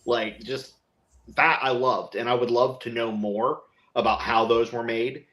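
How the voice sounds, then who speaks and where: A man chatting casually on a podcast, rambling and animated, acting out quotes as he talks. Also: medium pitch, unhurried. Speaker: podcast co-host. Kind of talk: casual chat.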